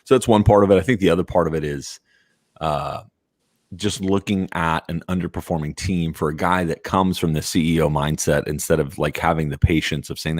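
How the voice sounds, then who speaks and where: A young man hosting a sports podcast, talking through his takes in a loose, rambling way. His voice is extremely low and deep. It is recorded close and dry. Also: steady tone, a little fast, no room sound. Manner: joking, then rambling analysis. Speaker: podcast host. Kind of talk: casual chat.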